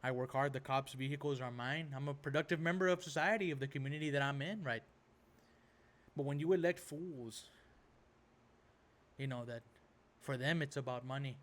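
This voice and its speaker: A man's voice: mid-range voice, moderate pace, long pauses, fairly bright tone. A man hosting a reaction video, ranting casually in a rambling way and tossing in "right?" and "bro" as he goes.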